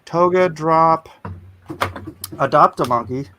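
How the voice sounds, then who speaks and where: A man hosting a casual livestream, chatting and reading viewer comments aloud in animated bursts. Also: a little high, a little slow, a little hiss or hum. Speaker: livestream host.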